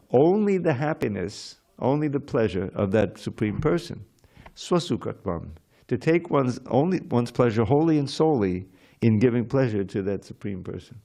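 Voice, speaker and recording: A man teaching a scripture class at a temple in a conversational, digressive way, with soft chuckles. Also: mid-range voice, expressive, normal speed, vocal fry. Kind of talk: informal scripture lecture.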